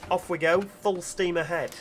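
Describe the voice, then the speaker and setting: A man's voice: sits high, fairly even intonation, moderate pace, slight background noise. Chatty man streaming a game. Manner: chatty, reads out chat messages while driving. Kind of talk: casual livestream commentary.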